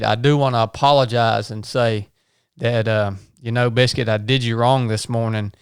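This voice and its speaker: A man hosts a casual podcast chat in a studio, his voice smooth and resonant at an ordinary pitch. He teases and apologizes in a playful way. The sound is close and dry. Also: steady tone, normal speed, dry recording. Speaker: podcast host. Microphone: studio microphone.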